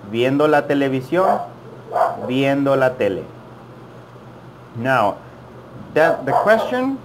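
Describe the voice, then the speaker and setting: Slow, patient male language teacher. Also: on the high side, noisy background. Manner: repeats words slowly and patiently for learners. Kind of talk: slow, deliberate language lesson.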